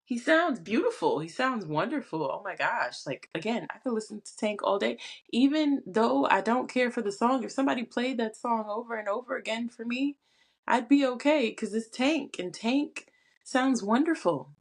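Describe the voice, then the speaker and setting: A woman's voice: fairly high pitch, animated, normal speed, slightly rough. A woman co-hosting a podcast in casual chat, hedging her opinions with frequent restarts and fillers. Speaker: podcast co-host.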